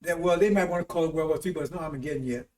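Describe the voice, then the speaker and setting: A dark-toned man with a fairly high pitch races through an informal, rambling sermon as host of a broadcast. He often asks "See?" and "Right?" to keep listeners with him. Audio is echoey and roomy, picked up from a distance.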